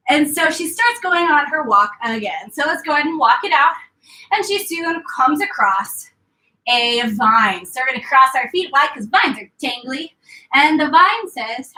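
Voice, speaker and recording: Bright high lady coaching a workout thru a fairy tale, playful, sounds far off in a roomy space. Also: expressive, normal speed. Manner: playful storytelling mixed with exercise cues. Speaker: fitness instructor. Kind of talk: story-based workout class cueing. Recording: echoey room, voice from afar.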